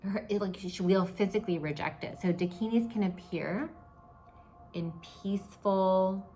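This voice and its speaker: A woman's voice: mid-range voice, moderate pace, warm tone. A young woman giving a casual spoken teaching to camera as a spiritual teacher, chatty, restarting often and laughing at herself.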